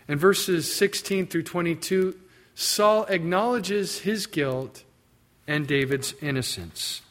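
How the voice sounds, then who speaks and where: Pastor teaching through a passage. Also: male voice, high voice, slow pace, a bit bright. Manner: reads scripture then explains it plainly. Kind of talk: expository sermon.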